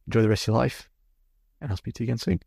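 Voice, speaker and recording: A man's voice: mid-range voice, very fast, gravelly, darkish tone, no room sound, clean studio sound. A man hosting a podcast as a hypnotherapist, telling a client's story in vivid detail and acting out both sides of the conversation. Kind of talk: storytelling monologue.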